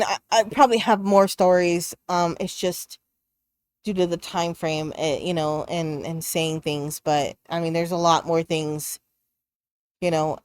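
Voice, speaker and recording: A woman co-hosting a podcast, telling a personal ghost story in casual chat. She is animated and excitable, and uses many fillers and restarts. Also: on the low side, clear, resonant tone, no room sound. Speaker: podcast co-host.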